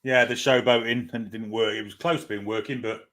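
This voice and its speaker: A man's voice: lowish voice, steady tone, fairly quick, fairly bright tone. A man co-commentating on a football match for a fan show, chipping in laid-back remarks and frequent chuckles.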